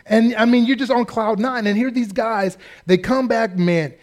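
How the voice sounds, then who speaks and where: Male American preacher, high voice, animated and funny in the pulpit. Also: normal speed. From United States. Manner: animated, joking asides and acted-out quotes. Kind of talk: humorous sermon.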